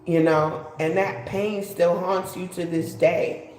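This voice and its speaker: A woman's voice: fairly low pitch, steady tone, slow, a little mellow, reverberant, slight background noise, low-quality recording. Chatty woman doing a live tarot reading. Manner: chatty, laughing, swearing, slangy asides. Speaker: tarot reader.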